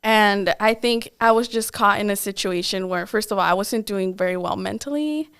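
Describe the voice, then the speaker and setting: Smooth-voiced woman telling a story. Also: mid-range voice, normal speed, fairly bright tone. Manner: candid, lots of "like" and quoted asides. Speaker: podcast co-host. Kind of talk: casual storytelling chat.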